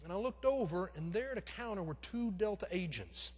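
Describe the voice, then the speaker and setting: A man preaching a sermon, telling a story dramatically and moving between loud urgency and hushed intimacy. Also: sits high, lively intonation, fairly quick, faint music behind. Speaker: pastor. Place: church sanctuary. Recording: reverberant church hall.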